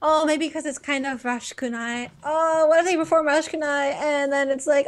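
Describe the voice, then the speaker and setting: Giggly woman co-hosting a fan podcast. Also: high-pitched. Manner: giggly, animated, quick to laugh. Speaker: podcast co-host. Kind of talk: casual fan podcast chat.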